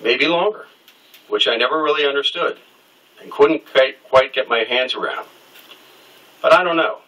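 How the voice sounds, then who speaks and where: A man's voice: medium pitch, normal speed, bright, forceful tone, slightly rough, recorded from a distance, rough recording. A middle-aged man telling a personal story in an interview, candid and wry, acting out the people he quotes.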